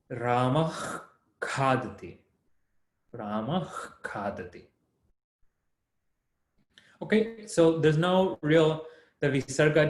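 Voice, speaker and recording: A young man teaching a Sanskrit class over a video call, patiently explaining step by step and often laughing. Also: a little high. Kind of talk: online class lesson. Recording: echoey room.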